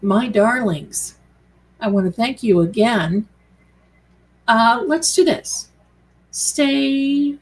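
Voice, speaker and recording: On a roughly recorded tarot live stream, a woman with a medium-pitched voice chats warmly and casually with viewers she calls her darlings. She rambles along, reading their comments aloud as she goes.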